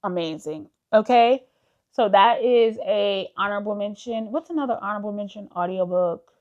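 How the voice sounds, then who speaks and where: A woman's voice: mid-range voice, normal speed, dull audio. A woman book vlogger in casual chat, enthusiastic and full of fillers, calling her viewers "y'all". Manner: chatty, enthusiastic, uses many fillers like "like".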